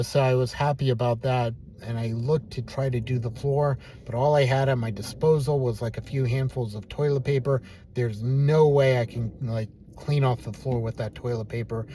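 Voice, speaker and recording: Calm man telling a story, mellow voice. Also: medium pitch, a little hiss or hum. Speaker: vlogger. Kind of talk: casual personal storytelling to camera.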